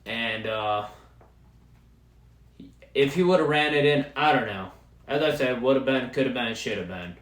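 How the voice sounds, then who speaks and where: A man's voice: medium pitch, slow, long pauses, a bit bright. A man from Wisconsin hosting a solo podcast, ranting about football with heavy profanity. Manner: profane, heated sports ranting. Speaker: podcast host. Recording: roomy echo.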